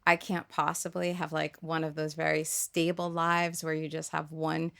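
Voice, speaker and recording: A woman hosting a podcast interview, chatty and upbeat, thinking aloud with quick asides. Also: deep voice, monotone, gravelly, fairly bright tone. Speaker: podcast host. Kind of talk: interview conversation.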